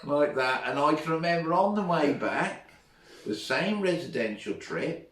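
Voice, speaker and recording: A man's voice: on the high side, lively intonation, unhurried, a bit bright. Chatty man telling stories. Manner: chatty, laughs often while telling anecdotes. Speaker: former teacher, guest. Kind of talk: casual storytelling. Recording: roomy, from far off the mic.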